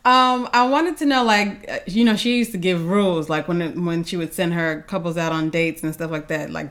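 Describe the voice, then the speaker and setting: A woman's voice: fairly low pitch, normal speed, hardly any pauses, fairly bright tone. A woman co-hosting a casual podcast chat, chatty and affirming, with frequent interjections. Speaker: podcast co-host.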